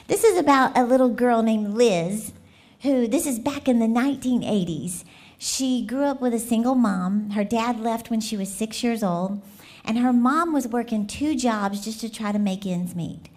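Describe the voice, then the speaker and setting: A woman speaking as a guest preacher in a church, telling a story in a lively, animated way, often laughing and asking the congregation questions. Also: a little high, moderate pace.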